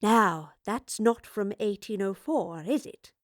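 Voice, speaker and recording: A woman's voice: on the high side, sing-song, a little slow, dry recording, clean studio sound. A woman voicing a bold, teasing female time-travelling professor with a cheeky, fearless manner. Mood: hushed.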